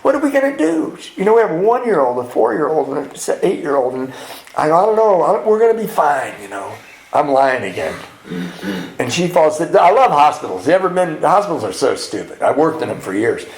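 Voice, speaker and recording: Brisk and sing-song in a fairly high voice, a man addresses a men's retreat with a frank personal recovery story. He performs the lines of the people involved, and the retreat hall adds a roomy echo.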